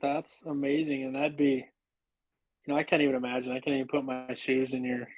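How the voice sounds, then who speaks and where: A man hosting a podcast, speaking in an encouraging, halting way full of "you know"s. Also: medium pitch, completely flat delivery. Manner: encouraging, halting, filler-heavy. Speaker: podcast host. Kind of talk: casual podcast chat. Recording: dull lo-fi recording.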